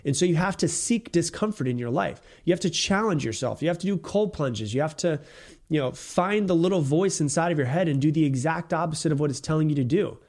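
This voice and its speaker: A man with a somewhat high-pitched voice delivers a solo motivational podcast. He speaks bluntly and emphatically, circles back to drive his points home, and drops casual curses along the way. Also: brisk, a little mellow. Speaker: podcast host.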